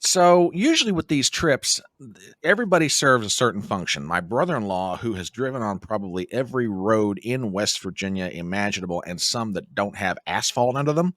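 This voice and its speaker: Animated middle-aged man telling a story. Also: fairly low pitch, brisk, no echo, clean studio sound. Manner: animated storyteller who acts out quotes. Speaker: podcast guest. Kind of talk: casual storytelling.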